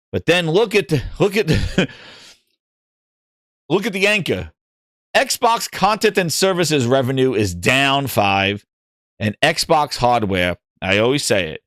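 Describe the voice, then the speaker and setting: A man running a gaming livestream, riffing on chat and slipping into mocking voices. His pitch sits a little high and jumps around a lot. The sound is dry, with no room around it. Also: no room sound. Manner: animated, joking, does mocking voices. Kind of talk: livestream commentary, reading chat.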